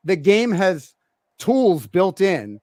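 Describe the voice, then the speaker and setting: A man's voice: high voice, big pitch swings, slow pace, a little mellow, dry recording, clean studio sound. A middle-aged man co-hosting a podcast, telling a family story in casual chat and acting out his kids' voices. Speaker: podcast co-host.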